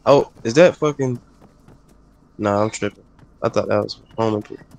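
A man's voice: on the low side, normal speed, creaky, a little mellow. A man chatting casually while playing a game with a friend, laid-back, swearing constantly and laughing often. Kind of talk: casual profane gaming chat.

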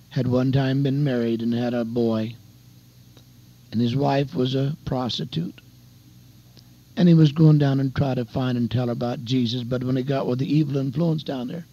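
This older man's voice is mid-range with a dark tone. As an evangelist on a dull lo-fi radio broadcast, he preaches a folksy sermon built around a testimony, warmly calling listeners beloved and dear friends.

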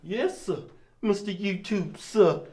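A man's voice: high-pitched, slow. A man playing a pathetic husband pleading for his sick wife in a comedy sketch, breaking into laughter again and again. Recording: noisy set recording.

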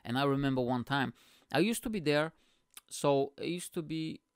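A young man telling a comedy-gig story in a casual, animated monologue, swearing and acting out the scene. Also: a little high, normal speed, clean tone, no room sound, studio quality. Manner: animated, swearing, acts out scenes with chummy slang. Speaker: stand-up comedian and podcast host.

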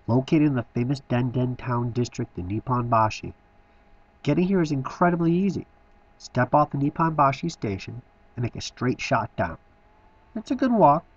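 A man's voice: mid-range voice, slightly rough, muffled recording. Man narrating a toy shop tour. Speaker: toy store reviewer. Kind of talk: scripted voice-over narration.

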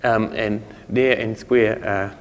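A man's voice: on the low side, little pitch movement, takes it slowly, slight background noise. A man with a New Zealand accent giving a conference talk in a loose, rambling way, with many fillers, restarts and chuckling asides. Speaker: conference speaker. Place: lecture hall. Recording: lecture hall with long reverb.

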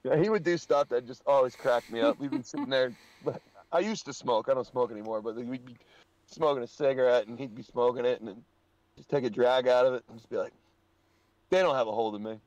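Brief: young male podcast guest, loose storyteller who swears and laughs, mid-pitched voice. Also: a little fast, a little mellow, highs cut off. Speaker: podcast guest, dirt track racer. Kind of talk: casual podcast chat.

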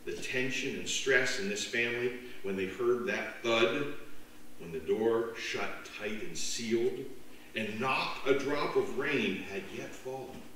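A pastor delivering a sermon in a slow, unhurried way, his voice swinging from high to low as he leans into each point. He is heard from a distance across a church sanctuary that rings with echo. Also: a little hiss or hum. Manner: slow, dramatic delivery with lively voiced jokes. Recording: echoey church from far off.

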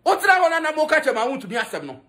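A man's voice: very high voice, wildly swooping pitch, very fast, bright, forceful tone. A man with a Ghanaian accent giving a mocking, scolding gossip commentary that switches between Twi and English. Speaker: entertainment commentator.

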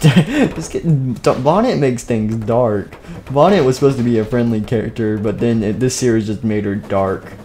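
A man's voice: medium pitch, moderate pace, mellow, slight background noise. A man streaming and narrating a game role-play, playful and rambling, often laughing.

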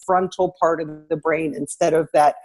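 A middle-aged woman, a former teacher, giving parenting advice in a relaxed interview, lively and acting out parents and children as she talks. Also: deep voice, normal speed. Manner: animated, acts out parents and kids in a raised voice.

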